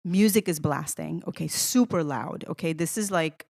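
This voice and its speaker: A young woman from Iran tells a personal story as a podcast guest, jumping between restarts and little acted-out exchanges. Her voice sits a bit low for a woman. The recording is close and dry, with no room sound. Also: normal speed, vocal fry, no room sound. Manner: animated, restarts often, acts out quoted dialogue. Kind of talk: emotional storytelling in casual conversation.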